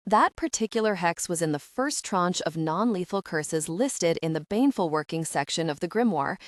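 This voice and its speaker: A woman's voice: fairly low pitch, no room sound, clean studio sound. A woman narrating a first-person audiobook in a wry, conversational way, with the occasional curse word.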